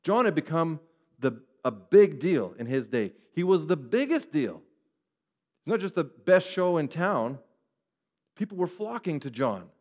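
A man preaching a sermon, animated and acting out the voices of the people he quotes. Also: fairly high pitch, a little slow. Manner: animated, acts out quoted speech. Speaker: pastor. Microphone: referring to a screen, preaching to a congregation.

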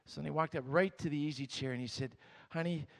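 A man's voice: a little high, steady tone, quick pace, vocal fry. A man from Romania preaching a sermon to a church, telling a humorous story and leading the congregation in prayer. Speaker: guest preacher.

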